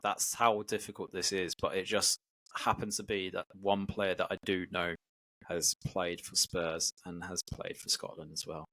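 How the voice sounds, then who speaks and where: A man's voice: sits low, flat delivery, moderate pace, sharp tone, dry recording. A man co-hosting a football podcast, easygoing in casual chat and reading out the fixtures. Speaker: podcast co-host.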